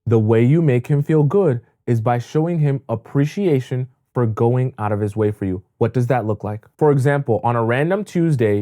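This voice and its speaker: A man's voice: mid-range voice, warm tone. A man giving dating advice in an emphatic coaching monologue, repeating words for stress.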